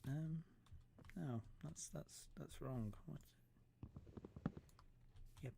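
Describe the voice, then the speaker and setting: Gravelly man streaming games. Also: a little high, drawn-out words, long pauses, noisy background. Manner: scolding, mock-stern, talks to game animals. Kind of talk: casual gameplay commentary.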